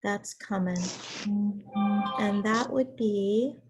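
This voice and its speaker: A middle-aged woman, hoarse and raspy from illness, giving a college writing lecture over a video call. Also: mid-range voice, very slow, faint music behind. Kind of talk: online class lecture. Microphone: computer mic on a video call.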